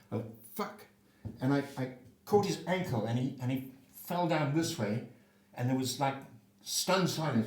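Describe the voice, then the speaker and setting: A man's voice: mid-range voice, slight background noise. An older man from South Africa telling a rambling, profane personal anecdote in a casual way. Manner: rambling, profane, animated storytelling. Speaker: storyteller. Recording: roomy echo, mic at a distance.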